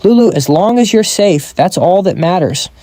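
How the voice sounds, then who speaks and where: A man voicing a selfless young man who shouts urgently in danger. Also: high-pitched, lively intonation, moderate pace, no room sound, pitched above the performer's own voice.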